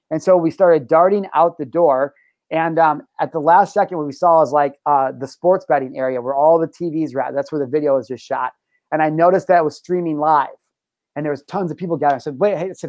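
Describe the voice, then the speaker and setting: A man's voice: fairly high pitch, fast talker, dry recording. A young adult man telling a personal story in casual chat, with lots of swearing and "bro". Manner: profane, animated, says "bro". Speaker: guest.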